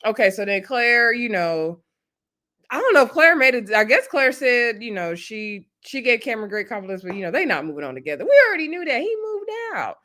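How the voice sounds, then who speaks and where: A woman's voice: on the high side, big pitch swings, brisk, pushed and bright. A woman giving a casual, chatty recap of a reality show episode and acting out what people said. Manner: chatty storytelling, acts out quoted lines.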